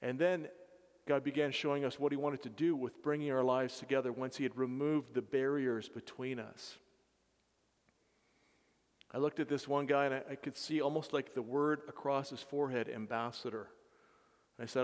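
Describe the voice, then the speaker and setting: A man who leads mission work, telling his story to a congregation earnestly, with halting restarts. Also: medium pitch, fairly even intonation. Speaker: mission leader. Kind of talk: testimony to a congregation. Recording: reverberant hall.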